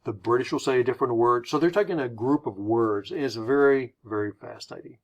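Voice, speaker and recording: A man's voice: medium pitch, fairly quick, lo-fi sound. A man presenting a slide lesson on word choice, explaining in a friendly, conversational way. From United States. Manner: friendly, explanatory, lively intonation.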